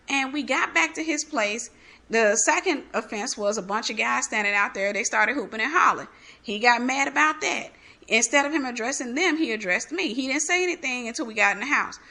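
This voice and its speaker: A woman's voice: sits high, expressive, brisk, bright, forceful tone. A woman giving a candid personal testimony, telling her story animatedly and acting out the dialogue. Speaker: ministry host giving testimony.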